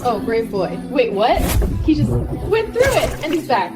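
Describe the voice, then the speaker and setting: A high, very lively woman talks slowly and warmly to her pets, laughing and cheering them on. Her pitch jumps up and down as she exclaims. Loud music plays underneath. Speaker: pet owner filming her animals. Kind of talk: casual chat.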